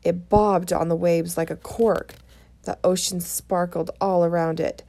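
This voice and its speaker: A woman's voice: fairly low pitch, steady tone, unhurried, vocal fry, dark tone. A woman reading a children's chapter book aloud, chatting to young listeners between chapters. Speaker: storybook reader.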